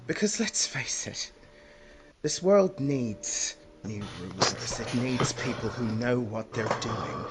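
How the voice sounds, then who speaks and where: A man voicing a wounded, vengeful old witch woman who mocks and then screams in rage, over loud music. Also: on the low side, poor audio. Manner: mocking, swelling into screamed rage.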